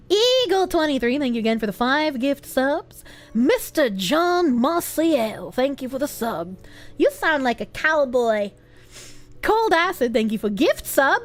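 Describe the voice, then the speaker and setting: A young woman streamer chatting casually and reading out donations, animated and swearing freely. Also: high-pitched, unhurried.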